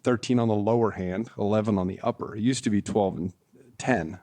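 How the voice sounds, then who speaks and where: A man's voice: on the low side, a little fast, warm tone. A man, a golf equipment tour rep, guesting on a casual podcast and telling rambling stories with fillers and frequent laughter.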